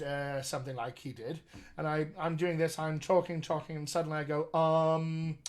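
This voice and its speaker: A man hosting a live accent Q&A as a dialect coach, teaching with emphatic enthusiasm. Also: a little high. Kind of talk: live Q&A session.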